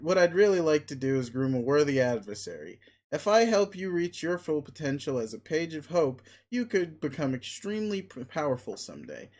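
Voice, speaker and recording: In a slightly high, a little mellow voice that stays close to his plain reading tone, a man voices a bossy, vicious young alien male. Blunt and sneering, the character pushily lays out his demands.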